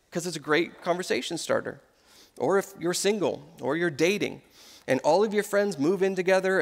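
A pastor in his thirties delivers a sermon, spinning stories with relaxed humor in a slightly high, creaky voice. A long reverb from a big sanctuary trails his words.

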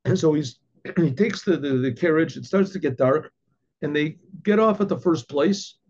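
A man who is a rabbi, telling a story in an animated way and often repeating words. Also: a little high, moderate pace, slight background noise. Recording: dull lo-fi recording.

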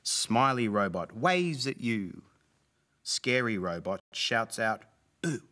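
A man's voice: on the low side, lively intonation, takes it slowly. A man presenting a children's show, reading a rhyming story and singing with playful robot beeps. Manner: playful, sing-song, beeping robot noises. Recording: loud music bed behind voice.

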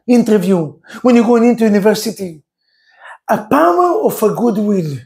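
A man's voice: sits high, gravelly. A man, a rabbi from Israel with an Israeli accent and Hebrew as his first language, preaching in broken English and acting out the people in his story. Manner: animated, acts out dialogue, broken English. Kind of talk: sermon with storytelling.

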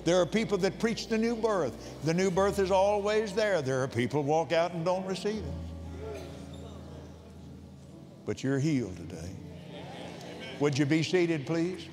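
A man's voice: sits high, animated, a little slow, pauses often. A man preaching a sermon to a convention crowd, telling a personal story in a heartfelt way, often repeating words as he searches for them. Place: large convention hall. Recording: long hall reverb, faint music.

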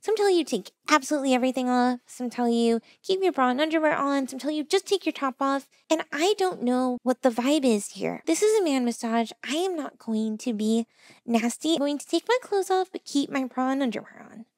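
A young adult woman telling a funny personal story in a casual, animated, self-deprecating way, acting out what people said. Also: sits high, brisk, no room sound, clean studio sound. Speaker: vtuber storyteller.

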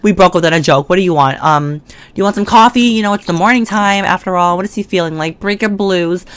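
A woman with a notably low voice talks her way through a life-sim game into a desk condenser mic. Her commentary is loose and full of slang. She chats straight to the characters and breaks into sudden excited or mock-scared outbursts. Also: fairly quick, no echo. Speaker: gaming video creator. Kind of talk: casual let's-play commentary.

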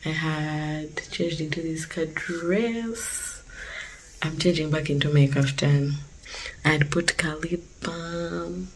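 Low-voiced, unhurried woman vlogger. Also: steady tone, a little hiss or hum, rough recording. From Uganda. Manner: chatty, often drops into soft half-whispered asides. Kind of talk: casual vlog chat.

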